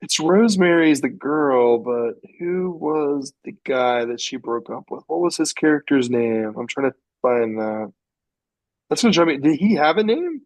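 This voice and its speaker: A man's voice: mid-range voice, animated, measured pace, poor audio. A man co-hosting a podcast in casual chat, enthusiastic and often checking in with his co-host. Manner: enthusiastic, often asks "you know what I'm talking about?".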